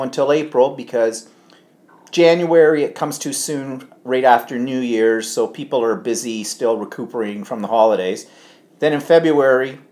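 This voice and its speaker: A middle-aged man co-hosting a casual live stream, rambling as he reads viewer comments and trips over place names. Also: medium pitch. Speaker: livestream co-host.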